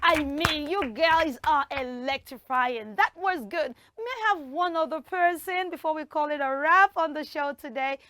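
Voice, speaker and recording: Kids' show host: woman, high bright voice, cheerful and full of praise, dry close sound. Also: no echo. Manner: bubbly and encouraging, heaps praise on the children; draws words out slowly when teaching the tongue twister. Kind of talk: lively hosting of a kids' quiz in front of a school audience.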